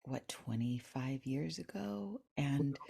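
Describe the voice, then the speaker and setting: A woman with a low voice hosts a podcast in a relaxed, chatty way. She is effusive and talkative, and laughs often. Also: slow, gravelly, husky. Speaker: podcast host. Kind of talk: casual interview chat.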